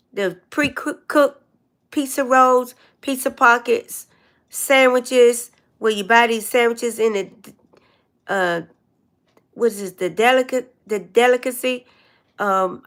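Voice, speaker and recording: Greeting her viewers, an older livestream host rambles through long, wandering stories in a casual chat. Her voice sits a little high and sounds a bit bright, and she speaks slowly.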